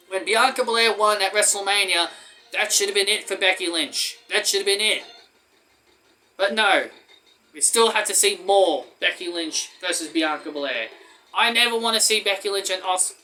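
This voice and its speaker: A man's voice: high-pitched, bright, forceful tone. A man giving a blunt, ranting opinion review of a wrestling show. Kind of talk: opinionated commentary vlog.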